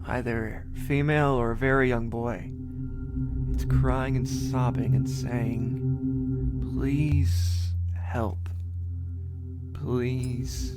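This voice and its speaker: An actor playing a calm, laid-back male prisoner in a horror game, talking in an unbothered way. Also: medium pitch, extremely slow, long pauses, over loud music. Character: calm male prisoner going down dark stairs.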